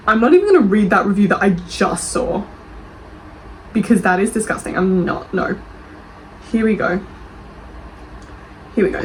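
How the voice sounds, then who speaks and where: Animated Australian woman reacting to reviews. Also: mid-range voice, a little hiss or hum, rough recording. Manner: animated, defensive, quick to react, swears freely. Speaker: book reviewer and author. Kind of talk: casual chat reading reviews aloud.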